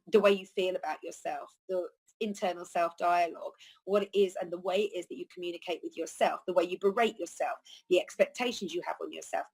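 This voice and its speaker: A woman's voice: fairly low pitch, rough recording. A woman hosting a wellness talk, speaking earnestly in a loose, rambling way with frequent fillers about words and healing. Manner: earnest, rambling, with many "you know" fillers. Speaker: holistic healer and podcast host. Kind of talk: reflective spoken monologue.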